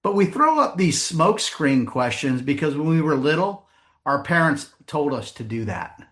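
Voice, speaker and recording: A man's voice: a little high, sing-song, a bit bright. A middle-aged man presenting a sales seminar to a live audience, telling comic stories and asking the room questions. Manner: storytelling with comic voices and quick asides.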